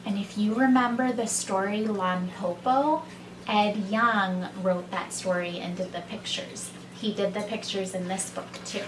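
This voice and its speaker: A woman who reads a children's story aloud slowly and gently, as a teacher. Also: medium pitch, steady tone, background noise. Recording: echoey room, mic far off, faint ambience.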